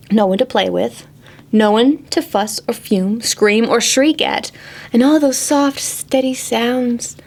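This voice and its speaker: Woman librarian, storytime reader: higher voice, unhurried and expressive, slips into hushed whispers. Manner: expressive, slow and animated, dropping to whispers. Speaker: children's librarian. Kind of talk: reading a picture book aloud to preschoolers.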